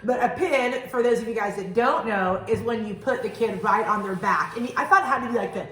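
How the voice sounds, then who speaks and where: A fairly high-voiced woman in her thirties chats through a podcast, animated and storytelling. Her talk rings around an echoey room. She sounds casual and quick to jump in. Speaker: podcast co-host. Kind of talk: casual chat.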